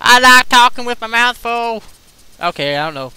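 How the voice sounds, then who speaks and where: A young man giving loud, teasing commentary while playing a party video game, breaking into sudden shouts. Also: extremely high pitch, lively intonation, moderate pace, clear, resonant tone, poor audio. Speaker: let's play commentator. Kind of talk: excited gameplay commentary.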